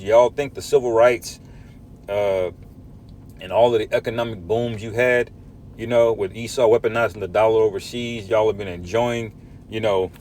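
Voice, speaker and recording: A man's voice: on the low side, a little mellow, slight background noise. A man preaching from scripture, emphatic, often tagging lines with "man" and "all right?". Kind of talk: scripture teaching.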